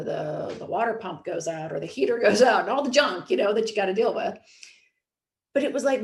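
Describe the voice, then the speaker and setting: A woman's voice: medium pitch, a little mellow, roomy sound. A woman in her thirties, host and coach, talking casually and filling her speech with "like" and "you know". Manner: chatty, frequent "like" and "you know". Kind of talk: casual podcast talk.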